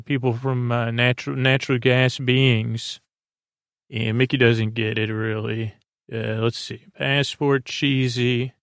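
Brief: male podcast host, casual recap, rambling with lots of "uh" and restarts, gravelly voice, dry close sound. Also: medium pitch, no echo. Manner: rambling, many fillers and self-corrections.

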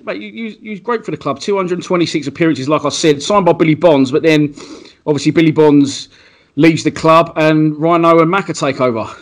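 A man asks his questions quickly and in a matey, casual way. His voice sits a little high for a man. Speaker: interviewer, podcast host. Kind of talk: casual interview chat.

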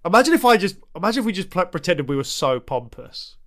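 Teasing podcast co-host, lively voice. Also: male voice, high-pitched, fast talker. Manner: teasing, dry humour. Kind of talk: casual banter.

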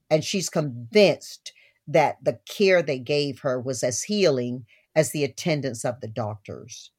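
Expressive older woman telling stories. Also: sits low. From Southern United States. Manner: expressive, laughing storyteller, warm asides. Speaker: guest. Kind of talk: storytelling interview talk.

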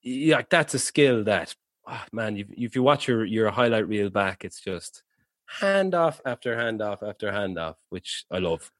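A man's voice: on the low side, expressive, a little slow, no room sound, studio quality. A man, co-hosting a podcast and talking in an enthusiastic, casual way. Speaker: podcast co-host. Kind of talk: casual chat.

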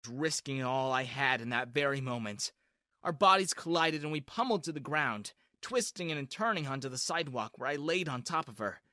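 A man reading a first-person story in a lively, expressive way. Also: mid-range voice, moderate pace, no room sound, clean studio sound.

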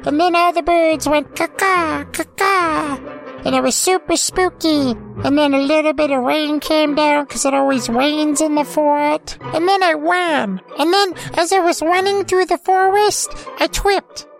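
A woman's voice: high voice, measured pace, creaky, faint music behind, low-quality recording. A woman voicing an eager, childlike male forest creature who tells stories in a rambling, hesitant way full of ums. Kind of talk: comedic audio drama.

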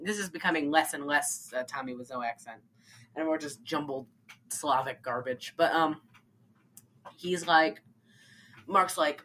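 A woman's voice: low-pitched, moderate pace, slight background noise. A woman in casual chat, animatedly recapping a film and acting out the lines with laughs. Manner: animated, acts out lines in funny voices, laughs often. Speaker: podcast co-host recapping a film.

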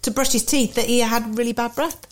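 A woman's voice: on the high side, fairly quick. An English woman co-hosting a podcast, chatting and telling stories with lots of giggles. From England. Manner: giggly, animated storytelling. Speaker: podcast co-host. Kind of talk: casual chat.

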